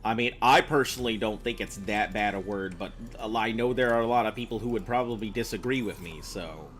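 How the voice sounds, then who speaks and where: Brisk and on the low side with a slightly bright tone, this American streamer rambles casually through a gameplay session, talking with his viewers and cracking himself up. A faint hiss or hum sits in the audio.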